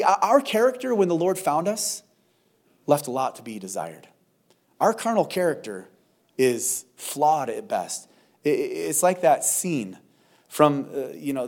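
A male lead pastor giving a verse-by-verse sermon in an earnest way, often stammering over restarts and moving between loud and soft passages. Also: a little high.

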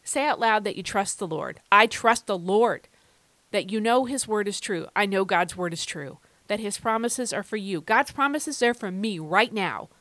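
A woman's voice: mid-range voice, expressive, moderate pace, hardly any pauses, fairly bright tone, dry recording. A woman hosting a devotional podcast who teaches emphatically, repeats key phrases for stress and speaks straight to the listener in an encouraging way. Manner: talks directly to the listener in a friendly, encouraging way.

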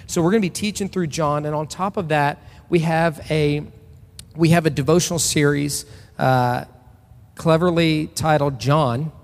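A man's voice: on the high side, unhurried. A man in his thirties preaching a casual, conversational sermon to a church. He talks loosely and personally, with frequent restarts and fillers. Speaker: pastor. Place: church sanctuary. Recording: long reverb in a large hall.

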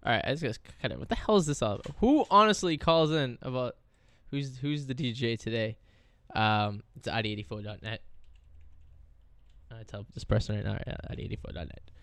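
A man's voice: medium pitch, lively intonation, a little fast, fairly bright tone, smooth, dry recording. Rambling young male radio DJ. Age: young adult. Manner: rambling, with many fillers. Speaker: radio DJ host. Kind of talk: casual college radio talk. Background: faint music.

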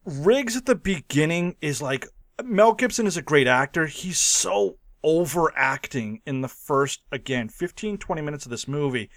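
A man co-hosting a podcast and discussing a movie in an animated, jokey way. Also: fairly high pitch, normal speed, no room sound, studio quality. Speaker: podcast co-host.

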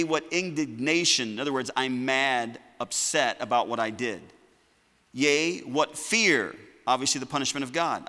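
A man preaching a sermon to his church, moving between loud declarations and quiet asides. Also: mid-range voice. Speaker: pastor. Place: church sanctuary. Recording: long reverb of a church hall.

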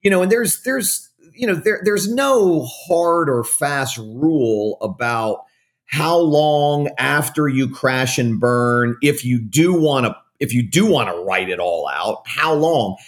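A man's voice: medium pitch, lively intonation, slow. A man speaking as a guest author in an interview, frank and self-deprecating, often restarting his sentences. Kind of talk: candid conversational interview.

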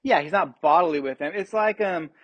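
A man's voice: a little high, a bit bright, husky, no room sound, rough recording. Earnest man preaching, dry close sound. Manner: earnest, measured preaching with occasional fillers. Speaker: pastor leading a Bible study. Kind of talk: sermon and prayer, then casual Q&A.

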